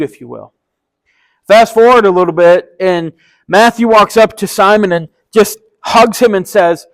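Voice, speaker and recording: High-voiced man giving a chatty sermon. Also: poor audio. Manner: chatty, enthusiastic, slangy storytelling. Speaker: pastor. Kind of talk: casual sermon retelling a story.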